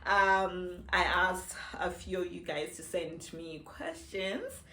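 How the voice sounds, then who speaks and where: South african woman in her 30s, chatty and giggly, talks slow, echoey room, phone mic. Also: on the low side, pushed and bright, a little hiss or hum. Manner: chatty and playful, laughing often. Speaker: vlogger. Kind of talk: casual chat to camera. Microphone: phone camera.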